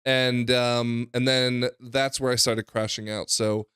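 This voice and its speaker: A hoarse man hosting a casual gaming podcast, rambling through stories and laughing often. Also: medium pitch, flat delivery, slow pace, a bit bright, dry recording, studio quality. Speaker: podcast host.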